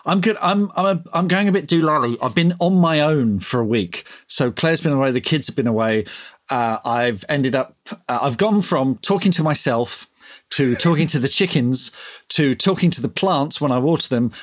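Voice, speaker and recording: Lively man chatting. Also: mid-range voice, normal speed. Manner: animated, playful storytelling. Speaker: podcast co-host. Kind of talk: casual chat.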